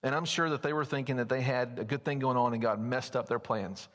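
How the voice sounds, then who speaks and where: Male pastor, middle pitch, homespun storyteller, reverberant sanctuary sound. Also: fairly quick. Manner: folksy, storytelling, animated at times. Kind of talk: sermon. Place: church sanctuary. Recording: long church reverb.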